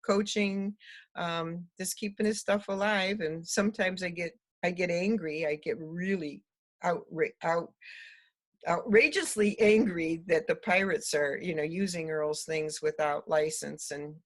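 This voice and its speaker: An older woman, an interview guest telling stories in a lively way, often laughing and acting out the voices of people she quotes. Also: fairly low pitch, measured pace. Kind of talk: storytelling conversation.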